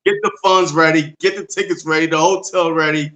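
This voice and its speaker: A man with a high voice trades relaxed sports banter on a podcast. He laughs easily and curses casually, never in a hurry to make his point. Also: brisk, rough recording. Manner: laid-back, laughing, swears freely. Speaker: podcast co-host.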